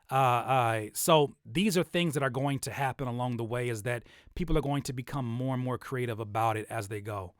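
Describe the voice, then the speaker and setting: A young man talking casually about making videos, animated and loose with plenty of restarts. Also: a little high, dry recording, clean studio sound. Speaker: YouTuber and rapper giving creator advice. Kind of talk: casual livestream-style talk.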